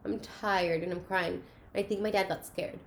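A woman in candid personal chat, talking in an earnest, open way and often softly. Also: on the low side, level tone, normal speed, vocal fry, slight background noise. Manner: earnest, open, soft-spoken at times.

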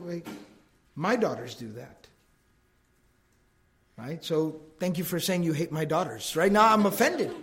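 High-voiced man giving a casual lecture. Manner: conversational, keeps asking "right?"; acts out quoted remarks. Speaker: religious teacher. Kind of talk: classroom lecture.

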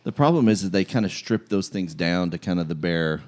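Male podcast co-host, deep and animated, jokey. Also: a little fast. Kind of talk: casual chat.

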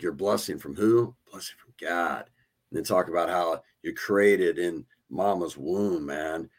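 Deep-voiced earnest podcast host. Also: male voice. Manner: earnest, storytelling. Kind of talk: casual conversation.

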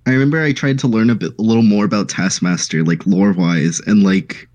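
A man's voice: lowish voice, steady tone, brisk, a little mellow. A young man co-hosting a podcast in casual chat, talking in an easygoing, slightly hesitant way. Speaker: podcast co-host.

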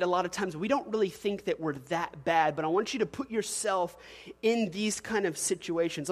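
Pastor preaching in a reverberant church. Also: male voice, sits high. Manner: animated storytelling with laughs and acted quotes. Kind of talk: sermon. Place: church sanctuary.

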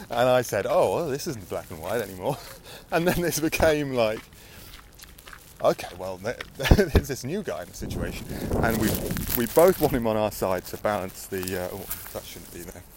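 A man spins a casual, rambling anecdote, swearing freely and laughing along the way. His pitch jumps around a lot as he talks, and faint noise hums under the recording. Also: expressive, normal speed. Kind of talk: casual storytelling chat.

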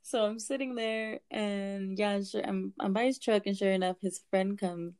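A young woman casually telling a story, animated, swearing and laughing as she goes. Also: medium pitch, normal speed, smooth.

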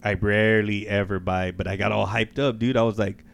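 A man co-hosting a podcast, chatting casually and profanely, telling excitable stories with squeaky impressions. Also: a little fast, creaky. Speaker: podcast co-host. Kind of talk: casual chat.

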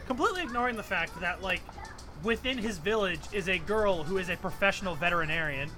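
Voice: medium pitch, expressive, fast talker, music in the background. A speaker ranting about a video game in casual, sarcastic talk, often swearing and restarting sentences. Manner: exasperated, sarcastic and profane; rambling with frequent restarts.

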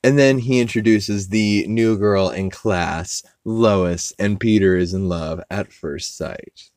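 A man hosting a podcast, loosely recapping a cartoon episode with fillers and swearing, acting out characters' lines in higher voices. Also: slow pace, darkish tone, clean tone, dry recording. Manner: rambling, loose, with profanity and frequent fillers. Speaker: podcast host.

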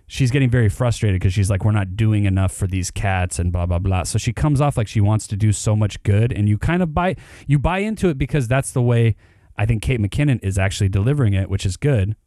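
A man's voice: on the low side, animated, quick pace, warm tone, dry recording, studio quality. A man co-hosting a podcast, chatting casually about a TV show, rambling with lots of fillers. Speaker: podcast co-host. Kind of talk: casual chat reviewing a TV show.

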